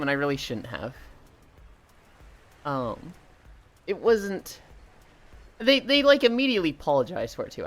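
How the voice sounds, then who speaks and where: A man streaming live and chatting with viewers as he exercises. His talk rambles, and his pitch is animated, jumping up and down. He talks casually and loosely, like a regular addressing his chat.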